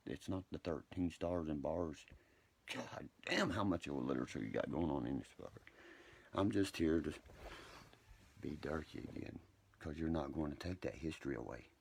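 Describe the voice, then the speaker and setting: Gravelly, low-voiced man ranting profanely. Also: darkish tone. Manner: profane, combative, rambling. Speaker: livestreamer. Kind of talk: rambling livestream rant.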